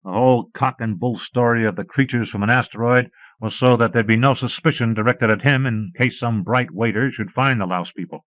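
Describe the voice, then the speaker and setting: A man reading a pulp short story aloud as an audiobook narrator, in a measured storytelling read. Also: mid-range voice, a bit bright, no echo. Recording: dull lo-fi cassette audiobook.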